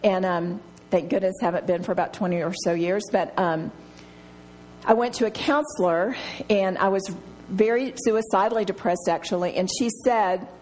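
A woman's voice: medium pitch, normal speed, a little mellow, a little hiss or hum. A middle-aged woman teaching a women's Bible study, earnest and emphatic, repeating key phrases to drive them home.

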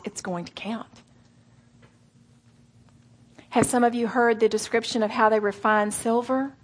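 A middle-aged woman delivers a sermon to a room of women, her voice somewhat husky. She pitches a touch higher than most women. She slows right down for emphasis and sometimes sinks into a whisper. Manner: earnest, with slow emphatic phrases and soft whispered asides. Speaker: speaker at a women's gathering.

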